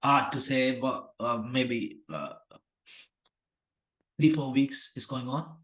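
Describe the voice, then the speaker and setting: A man's voice: mid-range voice, slow pace, a bit bright, roomy sound. A man role-playing a distressed male patient in his thirties who keeps pleading to go home. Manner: pleading, repetitive, agitated.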